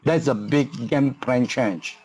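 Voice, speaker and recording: A martial arts coach in his fifties, a guest on a podcast interview, speaks haltingly in English, searching for words with many fillers and restarts. His voice is mid-range and darkish with a breathy edge.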